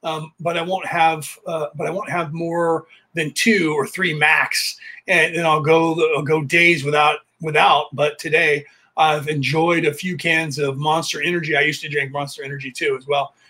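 A man's voice: a little high, level tone, moderate pace, sharp tone. A middle-aged American man talking in a rambling, casual monologue as a podcast host, full of fillers and restarts. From United States.

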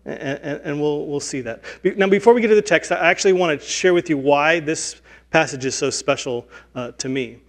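A man's voice: a little high, brisk. A man in his forties, a pastor giving an earnest, conversational, self-deprecating sermon in a church. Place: church sanctuary.

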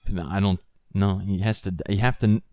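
A man's voice: sits low, fairly even intonation, moderate pace, warm tone, no echo. Young man rambling in a dry close mic. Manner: rambling, laughing, swearing freely. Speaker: podcast co-host. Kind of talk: casual joking chat.

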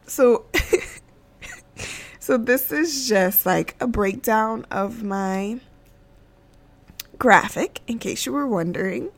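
Casting note: tearful female podcast host, slow solo chat, gravelly, laughs between words. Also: fairly high pitch. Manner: emotional, laughing between words, many fillers.

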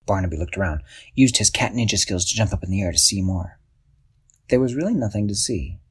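A man reads a children's adventure aloud with a deeply husky voice. His delivery is animated, swinging in pitch and slowing down to build suspense. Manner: expressive, slows for suspense. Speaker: storyteller. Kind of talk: children's story narration.

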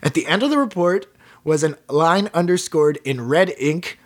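Woman podcast host, casual storytelling, laughs a lot, lively swooping pitch. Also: moderate pace. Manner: laughs often while telling the story.

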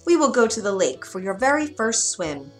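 A woman's voice: fairly high pitch, big pitch swings, moderate pace, faint music behind. A woman voicing a caring mother duck in a storybook, motherly and firm.

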